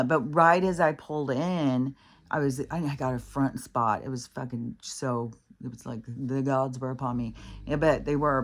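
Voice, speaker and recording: Very low-voiced woman ranting casually. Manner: profane, exasperated, rambling with many fillers. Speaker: vlogger. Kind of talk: casual storytelling rant.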